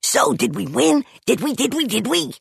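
A narrator voicing Stink, an eager, whiny young boy, in a high, excited, insistent voice. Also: measured pace, vocal fry, breathy edge, dry recording, clean studio sound, full character voice.

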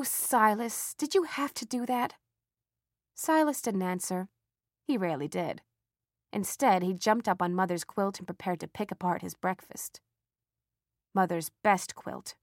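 A woman reading a first-person story aloud as an audiobook narrator, with lively, expressive emphasis. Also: mid-range voice, dry recording, studio quality.

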